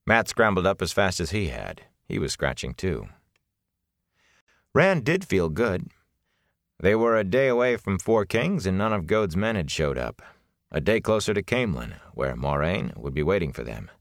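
A man with a very deep voice narrates a fantasy audiobook, measured yet lively in pitch as he tells the story. The recording is close and dry, with no room sound. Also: no room sound.

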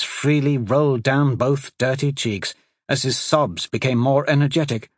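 A man narrating a fantasy audiobook in an expressive, unhurried reading voice. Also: medium pitch, no room sound, clean studio sound.

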